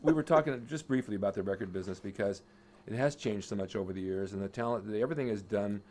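A man's voice: fairly low pitch, a little mellow, slight background noise. A man hosting a live chat show, plugging sponsors and agreeing with his guest. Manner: brisk, agreeable, plugs sponsors. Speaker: host.

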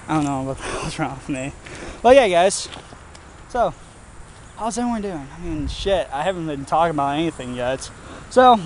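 A man's voice: high-pitched, normal speed, slight background noise, low-quality recording. A young man from Wisconsin, rambling casually and profanely in a self-mocking vlog. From Wisconsin, United States. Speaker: vlogger.

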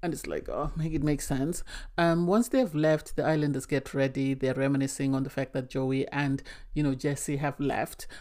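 A woman's voice: rumbling low, fairly even intonation, moderate pace, mellow. A woman giving an opinionated spoken recap and review of a reality dating show, emphatic and often exasperated. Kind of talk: casual recap commentary.

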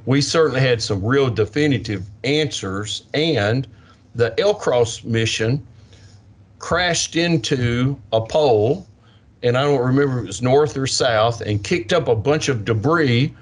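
Animated older man telling classroom stories. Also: medium pitch, a little slow. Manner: animated, acts out kids' voices. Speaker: science educator with a portable planetarium. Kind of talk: interview answer, storytelling.

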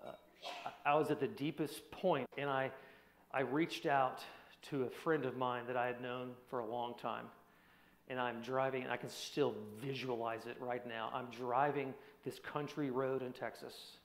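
A man's voice: mid-range voice, fairly even intonation, moderate pace, a little hiss or hum. Earnest preacher man in an echoey hall. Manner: earnest, drops to a hushed voice at heavy points. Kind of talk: personal testimony sermon.

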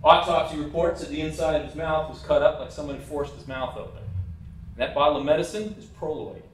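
A man's voice: on the high side, fairly quick, a little hiss or hum. A man giving a casual, blunt, opinionated talk as a presenter over a slideshow. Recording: echoey room, mic at a distance.

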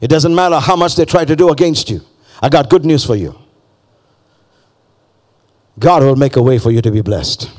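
A man's voice: mid-range voice, lively intonation, moderate pace, long pauses, darkish tone. A male pastor preaching a fervent sermon, repeating phrases and calling on the congregation to respond.

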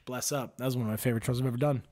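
A man's voice: mid-range voice, very fast, crowd noise. A young man hosting a casual podcast, a stand-up comic from Wisconsin who tells rambling, profane stories with lots of energy. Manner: profane storyteller, animated and rambling. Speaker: podcast host and stand-up comedian. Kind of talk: casual chat.

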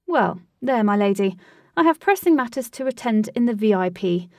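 A woman playing an excitable gentleman. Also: normal speed, no echo, recorded from a distance, natural voice. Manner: excitable, high-pitched and loud. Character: excitable, flustered gentleman in a white suit. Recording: dry, voice set back from mic.

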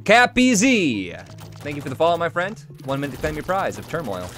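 A man streaming a video game live, joking and reacting excitedly as he chats with viewers. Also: a little high, racing, over music. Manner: excitable, jokey, breaks into song snatches. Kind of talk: live gameplay commentary.

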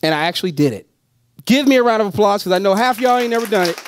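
A man giving an energetic sales pitch to a live audience, calling out to the crowd and laughing often. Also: rapid-fire, smooth. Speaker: motivational speaker at a business opportunity meeting. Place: meeting room with a live audience.

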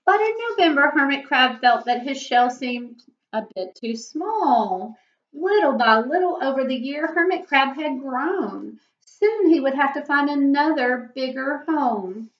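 A woman's voice: sits high, a little slow. Woman teacher reading a storybook aloud. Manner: expressive, asks listeners questions. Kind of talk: reading a picture book aloud. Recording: echoey room, dull lo-fi.

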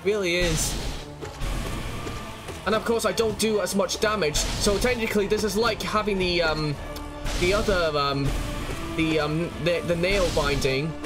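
A young man streaming a game, out of breath, swearing and shouting in triumph, then grumbling through his commentary. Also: high-pitched, measured pace, long pauses, over music. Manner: swearing, excitable, yells in triumph. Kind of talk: live gameplay commentary.

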